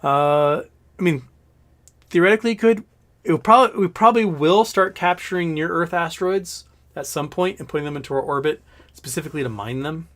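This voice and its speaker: Here the man's voice sits a little high and sounds brisk and a bit bright. He's hosting a casual livestream, throat slightly scratchy post-illness, joking and rambling through viewer questions.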